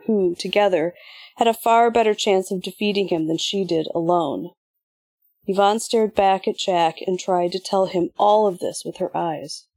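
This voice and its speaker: A woman reading an audiobook in measured, even scripted narration. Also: medium pitch, slightly rough, no room sound.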